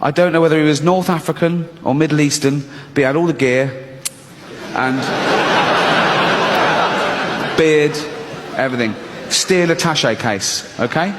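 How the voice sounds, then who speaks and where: A man performing a stand-up routine, animated and acting out his inner voices in shifting tones. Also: on the high side, a little slow, long pauses, heavy background noise. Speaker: stand-up comedian. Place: comedy stage. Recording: large hall with audience laughter.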